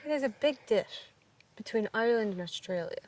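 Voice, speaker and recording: A woman's voice: on the high side, animated, brisk, a little mellow, no echo, far from the mic. A woman co-hosting a casual family vlog, chatting playfully and giggling often. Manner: giggly, playful, tries mock accents. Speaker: older sister, co-host. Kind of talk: casual chat.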